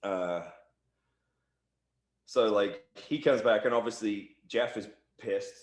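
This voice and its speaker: A man with a lowish voice tells a backstage story in a shoot interview. He talks fast and loose, jumping into voices for the people he quotes. The room around him rings with echo. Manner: animated anecdote-telling, acting out quotes. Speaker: interview guest, wrestler. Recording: echoey room.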